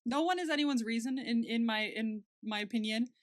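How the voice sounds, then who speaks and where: A young woman co-hosting a podcast in casual chat, talking in quick restarts and laughing often. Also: fairly high pitch, no echo, studio quality. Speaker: podcast co-host.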